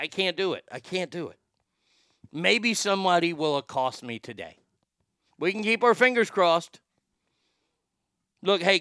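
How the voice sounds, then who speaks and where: Studio-quality audio with no echo captures a middle-aged show host ranting casually and crudely as he tells a story, with plenty of stammered restarts. His voice sits a little high and sounds pushed and bright.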